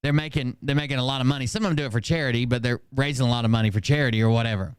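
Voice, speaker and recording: A man's voice: mid-range voice, racing, few pauses, smooth, no echo, clean studio sound. A man streaming casual commentary, reading quotes aloud with sarcastic asides and plenty of filler words. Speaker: streamer reacting to clips.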